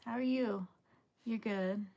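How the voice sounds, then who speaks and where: A woman's voice: mid-range voice, takes it slowly, dark tone. A woman hosting a casual livestream from home, chatty and greeting viewers by name, tired after just waking up. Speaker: livestream host. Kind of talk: casual live chat with viewers.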